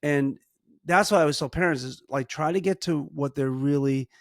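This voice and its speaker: A middle-aged man with a gravelly, fry-laced voice, recorded close and dry. He gives earnest parenting advice in casual conversation. He often restarts sentences and slows down to stress his point. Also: fairly high pitch, no room sound. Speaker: podcast co-host, parent.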